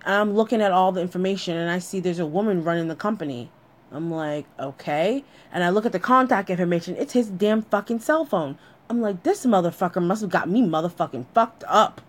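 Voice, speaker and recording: A woman's voice: on the low side, a little fast. A young adult woman telling a personal story with lots of swearing, addressing her listeners directly.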